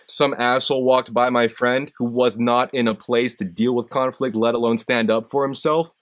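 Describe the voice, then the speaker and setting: A man's voice: mid-range voice, flat delivery, moderate pace, hardly any pauses. A man hosting a live stream, telling stories and giving a profane, impassioned motivational speech that rises in intensity when he gets fired up. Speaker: host.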